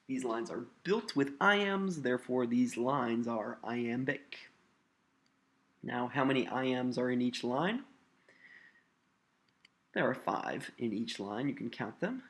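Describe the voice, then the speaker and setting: A man's voice: medium pitch, animated, slow, long pauses. A man teaching a recorded lesson, explaining patiently and stressing syllables to demonstrate them.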